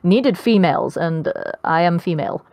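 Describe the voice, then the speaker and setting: A woman's voice: fairly low pitch, lively intonation, unhurried, warm tone, no echo. A young adult woman with a posh British accent, chatting as a podcast guest, with lots of ums. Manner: chatty, many ums, laughs often. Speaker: guest voice actress. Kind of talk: casual podcast interview.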